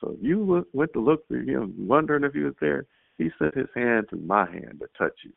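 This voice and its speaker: A man tells a testimony on a prayer line in a lively storytelling way, acting out what he and others said. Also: medium pitch, brisk, vocal fry, no room sound. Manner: animated storytelling, acts out his own quotes. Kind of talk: casual spoken testimony. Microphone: phone. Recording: tinny phone line, dry.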